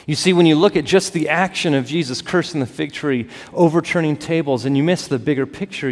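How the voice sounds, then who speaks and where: A man preaching a sermon as pastor, building to emphatic peaks and dropping to soft, quiet lines. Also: a little high, brisk, hardly any pauses. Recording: long reverb of a large hall.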